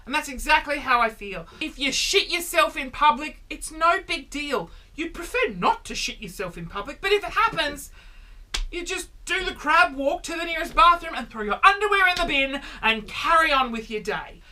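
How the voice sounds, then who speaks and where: A man in his thirties delivering a comedic vlog monologue, animated and exaggerated, with sudden loud exclamations. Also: very high-pitched, moderate pace. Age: 30s. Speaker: vlogger.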